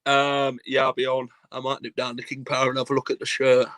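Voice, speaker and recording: A man's voice: mid-range voice, monotone, brisk, fairly bright tone, dry recording. A man joining a casual fan chat as a guest, talking in a laid-back, wry way. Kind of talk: casual video call chat.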